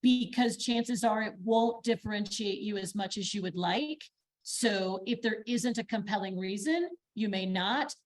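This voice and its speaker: A woman's voice: mid-range voice, a little slow. A woman on a workshop panel giving emphatic, encouraging audition advice in long building sentences.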